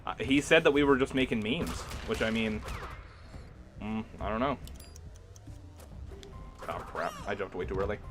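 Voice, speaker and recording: A young gaming streamer with a voice on the low side chats loosely over music while playing, speaking at a moderate pace and pausing often. He rambles through a story with plenty of laughter and filler words.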